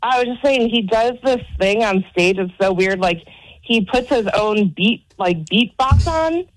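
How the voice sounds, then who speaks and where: A woman's voice: a little high, expressive, unhurried, dry recording, rough recording. A woman co-hosting a radio show, gushing and rambling with lots of fillers. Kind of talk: casual radio banter.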